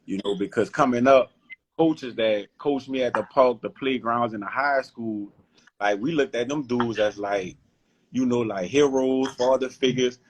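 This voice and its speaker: A man's voice: medium pitch, a little slow, breathy edge, low-quality recording. A man, a basketball coach talking casually about his life on a video call. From New Orleans. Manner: relaxed, slangy, heartfelt storytelling. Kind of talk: casual interview chat.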